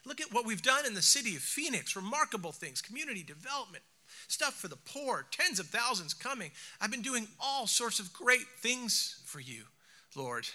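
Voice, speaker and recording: Man putting on a resentful grown older brother, high, strained, boastful, sharp-edged. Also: very animated, moderate pace, heavily acted. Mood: aggrieved. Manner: aggrieved, boastful, raised pitch.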